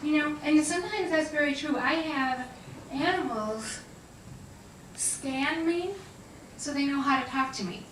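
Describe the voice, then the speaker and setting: A woman shares lively stories about talking with animals, laughing often. Her voice is bright and a little high. She sounds distant, in a reverberant room with faint noise. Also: measured pace, pauses often. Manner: chatty, laughing, animated storyteller. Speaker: animal communicator. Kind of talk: storytelling talk to an audience.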